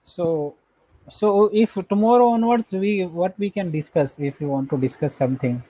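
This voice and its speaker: Indian-accented man, English learner, mellow and hesitant. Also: sits high, no room sound, poor audio. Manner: hesitant, halting repetition of practice phrases. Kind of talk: online one-on-one language lesson. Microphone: video call.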